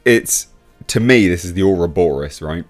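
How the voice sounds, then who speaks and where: Very deep-voiced scoffing man. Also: animated, moderate pace, soft background music. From England. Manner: scoffing, laughs at what he reads, many restarts. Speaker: YouTube reviewer. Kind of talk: opinionated commentary reading and reacting to an article.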